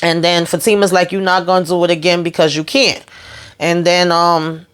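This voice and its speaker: A woman's voice: fairly low pitch, flat delivery, moderate pace, smooth. A woman casually recapping a TV episode, retelling scenes by acting out the characters' lines, with slangy asides and frequent laughter.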